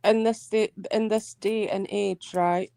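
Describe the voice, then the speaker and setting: A woman's voice: medium pitch, fairly even intonation, measured pace, gravelly, warm tone, smooth, no echo. A woman guest in a casual stream chat, blunt and emphatic, swearing freely.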